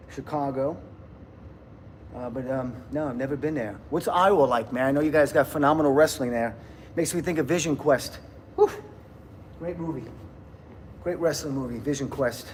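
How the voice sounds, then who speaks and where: A man's voice: on the high side, a little mellow, slight background noise. A man in his fifties chatting casually on a livestream from a gym, rambling and laughing often as he greets viewers. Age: 50s.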